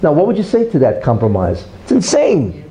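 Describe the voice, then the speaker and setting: A man's voice: a little high, huge pitch swings, fairly quick, warm tone, poor audio. A man giving a religious lecture as a rabbi, emphatic and full of tag questions like "right?" and "you see". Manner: teaches through a parable, acting out the quarrel in raised voices.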